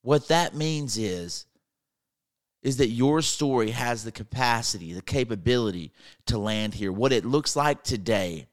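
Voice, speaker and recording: A man's voice: medium pitch, lively intonation, a little slow. A man giving an earnest podcast sermon, retelling Bible stories with frequent repeats and restarts. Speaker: podcast preacher.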